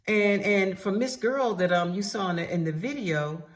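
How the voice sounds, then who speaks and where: A woman's voice: mid-range voice, lively intonation, moderate pace. Candid middle-aged woman telling her story. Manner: candid and emphatic, with salty slang; addresses listeners directly. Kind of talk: casual storytime monologue.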